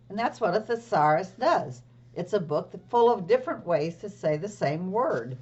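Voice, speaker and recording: A woman reading a storybook aloud to children, explaining gently as she goes. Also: fairly low pitch, animated, moderate pace, slightly rough, highs cut off.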